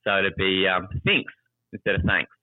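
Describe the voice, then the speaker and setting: A man's voice: mid-range voice, big pitch swings, fast talker, no echo, phone-quality sound. A man with an Australian accent in casual chat, jokey and self-mocking, laughing often.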